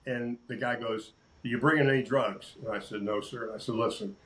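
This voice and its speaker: Older man telling lively stories. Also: mid-range voice, a little fast, poor audio. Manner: animated storyteller, acts out quotes, laughs often. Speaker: sportscaster guest. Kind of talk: casual storytelling interview.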